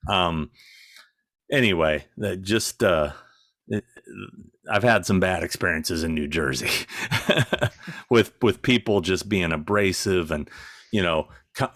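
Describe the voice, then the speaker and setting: Deep-voiced man telling blunt stories. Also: slow, a bit bright, dry recording, clean studio sound. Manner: blunt, exasperated storyteller. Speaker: guest. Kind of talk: casual anecdote telling.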